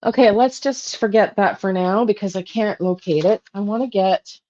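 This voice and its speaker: A woman's voice: medium pitch, normal speed, a little mellow, dull audio. Woman pulling tarot cards aloud. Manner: repeats questions to spirit, thinks aloud. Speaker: tarot reader and true crime channel host.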